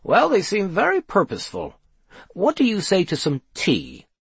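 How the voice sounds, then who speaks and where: A man doing an excitable eager investigator. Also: high-pitched, gravelly, husky, no room sound, pitched above the performer's own voice, exaggerated voice. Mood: excited. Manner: eager, brisk.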